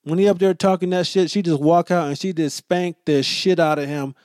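A young man with a fairly high voice talks fairly quickly through a casual solo podcast, cursing heavily and joking as he spins animated stories. The recording is dry and clean, studio-grade.

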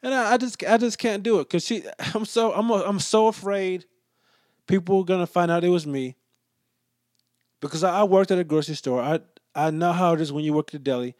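A man telling a story in a casual rant, profane and exasperated, sometimes dropping to low muttered asides. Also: brisk, a little mellow, dry recording, clean studio sound.

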